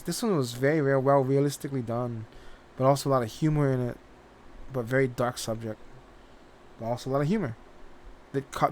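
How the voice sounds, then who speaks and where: A man's voice: medium pitch, slight background noise. Rambling man reviewing a show. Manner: rambling, restarts sentences, casual swearing. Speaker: reaction channel host. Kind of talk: casual spoken review.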